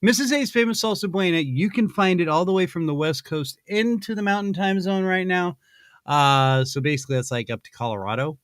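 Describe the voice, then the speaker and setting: A man's voice: high-pitched, brisk, fairly bright tone, no echo. A male podcast host reading a sponsor spot in casual chat, rambling and playful with many restarts. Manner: rambling, self-interrupting, playful.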